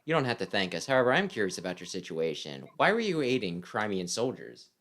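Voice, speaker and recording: Guy reading a plain blunt young merc leader, lively pitch. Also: quick pace. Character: blunt, honest young male mercenary leader.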